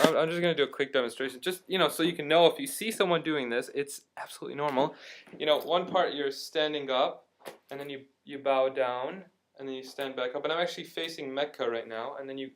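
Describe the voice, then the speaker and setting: A man's voice: medium pitch, a little fast. Chatty young man telling a story. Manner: chatty, animated retelling with frequent fillers. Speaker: vlogger. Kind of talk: casual storytelling to camera.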